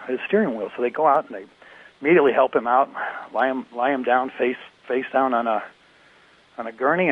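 A man calling in to tell jokes, rambling and hesitant as he goes, over a tinny phone line. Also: medium pitch. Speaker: caller. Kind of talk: telling jokes.

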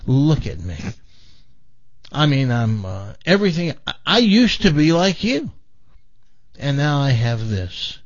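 A wry, confiding man at a bar tells his tale in a matter-of-fact way, as a joke-telling man puts him on. His pitch rises and falls freely. The sound is dry with a faintly muffled tone. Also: big pitch swings, measured pace, pauses often, dry recording.

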